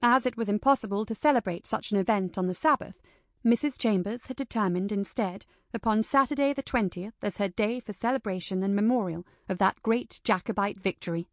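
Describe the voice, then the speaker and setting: Brief: female audiobook narrator, measured storytelling, dry close mic. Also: mid-range voice, dry recording. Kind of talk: scripted narration of a historical novel.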